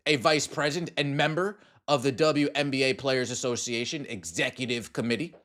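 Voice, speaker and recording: A man's voice: mid-range voice, brisk, hardly any pauses, fairly bright tone. A man hosting a sports podcast, giving opinionated commentary and mocking the people he talks about. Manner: mocking, acts out sarcastic voices. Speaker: podcast host.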